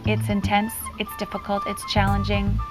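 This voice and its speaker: A woman's voice: mid-range voice, monotone, normal speed, over loud music. A middle-aged woman talking in a casual diary vlog, rambling and heartfelt with many ums, recorded outdoors on a handheld camera. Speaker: vlogger. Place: outdoors near trees.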